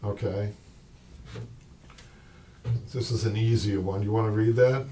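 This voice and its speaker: Rambling Boston-accented man, low voice. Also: steady tone, unhurried, warm tone. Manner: rambling, with many restarts and asides. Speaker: upholstery shop owner and show host. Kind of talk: casual live-stream talk. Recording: distant mic with faint noise.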